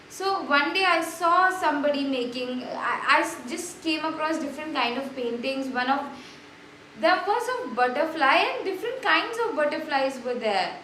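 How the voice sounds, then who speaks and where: Chatty spiritual vlog host, a woman with a high bright voice, effusive, echoey room. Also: slight background noise. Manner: chatty and effusive, many fillers and restarts. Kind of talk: casual spiritual vlog talk.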